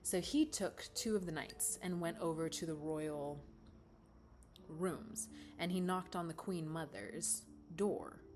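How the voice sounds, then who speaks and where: Woman telling a bedtime story, low voice, laid back with little asides, faint music. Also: slow pace. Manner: soft, casual, with chatty asides.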